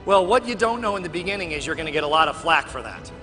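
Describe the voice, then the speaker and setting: A man from Chicago giving a keynote speech, telling animated stories and acting out other people's lines in a large convention hall. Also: on the high side, quick pace, faint music behind. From Chicago, USA. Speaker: keynote speaker.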